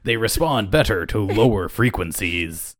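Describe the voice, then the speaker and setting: A playful man hosts a casual podcast with friends, his pitch swinging widely as he jokes around. He talks into a dry, close microphone with no room sound. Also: animated, measured pace, dry recording. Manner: playful, jokey, mock-welcoming. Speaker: podcast host.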